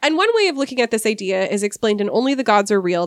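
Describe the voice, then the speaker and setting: A woman's voice: mid-range voice, expressive, fast talker, dry recording, studio quality. A woman hosting a casual literary discussion podcast, reading quoted passages and stumbling over hard words. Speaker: podcast host.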